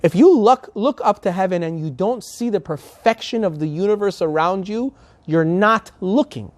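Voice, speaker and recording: A man's voice: high voice, normal speed, no echo. A male rabbi preaching a sermon and telling a story, emphatic and building to passionate appeals.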